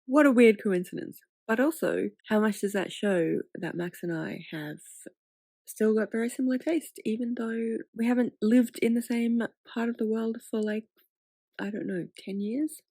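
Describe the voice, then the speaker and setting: Woman book vlogger, low mellow voice with some fry, gets all gushy and whispery, dry close sound. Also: normal speed, no echo. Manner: excitable, gushing, drops to whispers. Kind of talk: casual reading vlog chat.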